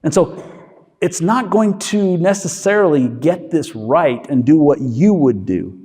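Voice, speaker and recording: Lively male doctor lecturing in a hall. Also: on the high side. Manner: checks in with listeners with frequent "okay?"; acts out inner voices in quick asides. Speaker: physician lecturer. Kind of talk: conversational lecture.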